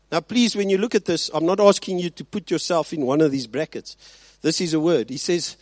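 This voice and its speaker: A male pastor preaching a sermon, swinging between loud emphasis and quiet asides and often checking in with his listeners. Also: high-pitched, expressive, normal speed, no echo. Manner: rhetorical check-ins with the congregation.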